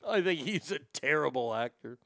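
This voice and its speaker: A man's voice: a little high, animated, normal speed, fairly bright tone, no echo. Sarcastic male podcast host. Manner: sarcastic, dismissive, stumbling restarts. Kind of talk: opinionated talk show monologue.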